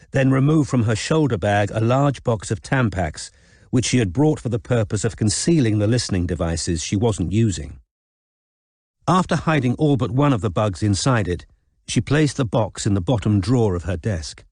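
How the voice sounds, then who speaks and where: A man reading an audiobook in measured, even scripted narration. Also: lowish voice, no room sound, studio quality.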